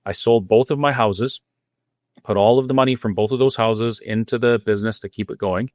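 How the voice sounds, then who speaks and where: A man's voice: fairly low pitch, steady tone, brisk, a little mellow, no echo. Earnest middle-aged man, dry sound. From Alberta, Canada. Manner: candid, earnest, with frequent restarts. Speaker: guest, cafe owner. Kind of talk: interview storytelling.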